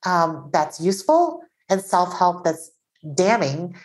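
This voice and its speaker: A Taiwanese-born woman, an author and podcast guest, talking earnestly in an animated conversational way. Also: fairly low pitch, takes it slowly, rough recording.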